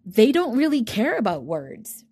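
A woman's voice: on the high side, very animated, unhurried, darkish tone, husky. A woman giving a fired-up, blunt spiritual rant full of swearing, talking straight to her viewers. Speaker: spiritual reader. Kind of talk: ranting monologue.

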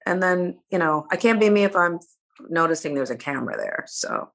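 A woman's voice: fairly low pitch, huge pitch swings, a little fast, gravelly, fairly bright tone. A woman guest speaking candidly in a casual interview, sometimes losing her words. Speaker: reality show cast member guest.

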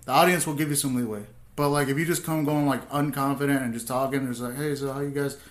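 A man's voice: medium pitch, steady tone, fast. Laid-back man in an echoey room. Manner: laid-back storytelling, crude jokes. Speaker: podcast host and stand-up comedian. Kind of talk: casual chat.

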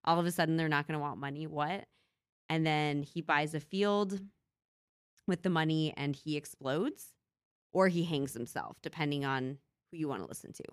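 A woman with a fairly low voice, trading jokes in casual chat. She cuts in with wisecracks and silly character voices. The sound is dry and close. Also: normal speed, clean tone, no echo.

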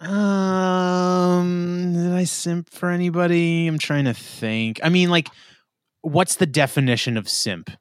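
A man's voice: sits high, fairly even intonation, slow, smooth, no room sound, studio quality. A man co-hosting a podcast, hesitant and stammering as he thinks aloud. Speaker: podcast co-host. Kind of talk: casual podcast chat.

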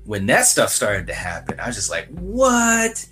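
A man's voice: fairly low pitch, expressive, brisk, bright, forceful tone, soft background music. Enthusiastic man hosting a film podcast. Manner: enthusiastic, says "man" a lot. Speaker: podcast co-host. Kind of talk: casual review chat.

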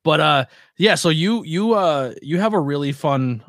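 A man's voice: a little high, expressive, measured pace, a bit bright, no echo, studio quality. A man hosting a podcast, asking questions in casual, chatty conversation. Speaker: podcast host. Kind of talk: casual interview chat.

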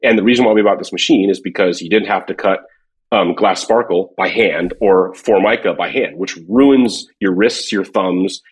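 A man's voice: low-pitched, normal speed, breathy edge. A man chatting casually in a podcast, telling rambling stories from his years at a drum company, full of fillers and restarts.

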